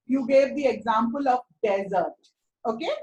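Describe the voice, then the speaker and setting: A woman's voice: fairly high pitch, normal speed, a little mellow, dull audio. Encouraging woman teacher. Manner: encouraging, explanatory, repeats words for emphasis. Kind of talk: giving feedback in an online seminar. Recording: faint background noise.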